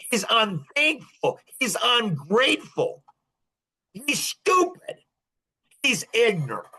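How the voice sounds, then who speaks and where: Man, high-pitched, middle-aged, podcast host, emphatic, repetitive, ranting monologue. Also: pushed and bright. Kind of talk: impassioned monologue.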